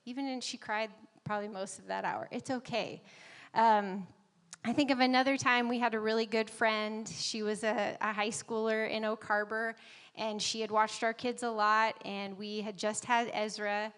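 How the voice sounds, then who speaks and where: A woman's voice: fairly high pitch, fairly even intonation, moderate pace, fairly bright tone, long reverb tail. Woman in her 30s telling family stories at church, chatty, laughs a lot, um-heavy. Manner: chatty and conversational, laughs often, many fillers. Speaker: guest speaker at a church service. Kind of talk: personal stories in a church message. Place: church sanctuary.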